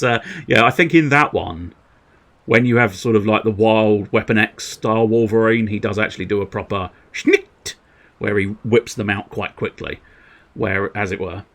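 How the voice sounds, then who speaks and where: A man's voice: lowish voice, a bit bright. A man giving casual, rambling commentary on a game stream, full of self-amused asides.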